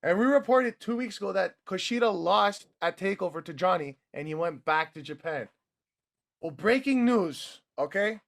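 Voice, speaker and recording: A man's voice: sits high, fairly quick, vocal fry, hardly any pauses, a bit bright. A young man co-hosting a casual wrestling podcast, joking around and swearing freely. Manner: joking, swears freely, talks over others. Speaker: podcast co-host.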